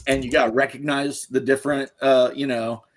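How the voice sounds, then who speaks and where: A man's voice: medium pitch, little pitch movement, fairly quick. A middle-aged man, a podcast host, giving his opinions in a blunt, crude, casual chat and laughing at his own stories.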